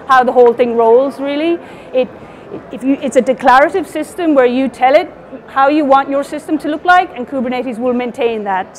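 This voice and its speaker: A woman with an Irish accent giving a casual, explanatory technical talk with slides, with fillers and restarts. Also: high-pitched. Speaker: conference speaker.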